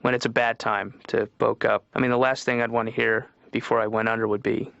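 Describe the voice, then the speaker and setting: A man's voice: mid-range voice, level tone, a little fast, gravelly, fairly bright tone, no echo. A man doing a rambling, wry stand-up routine as a patient in a cartoon, heard as muffled lo-fi TV audio. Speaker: comedian patient.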